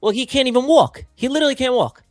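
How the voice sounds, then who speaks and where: A man's voice: extremely high pitch, expressive, quick pace, no room sound, faint music behind. A young man from the New York area, a guest trader in casual livestream chat, talking bluntly and emphatically and swearing freely.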